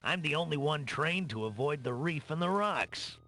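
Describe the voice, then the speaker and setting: An actor playing a weary older island ferryman with a Brooklyn accent and a gruff, folksy way of talking. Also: a little high, expressive, normal speed, pushed and bright. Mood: wistful. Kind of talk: 1990s computer game voice acting. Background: game music.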